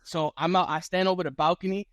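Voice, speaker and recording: A man on a podcast as a guest fighter, telling a story in casual chat, animated and profane, acting out what others said. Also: high-pitched, fast, smooth, no echo, studio quality. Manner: animated, profane, acts out quotes.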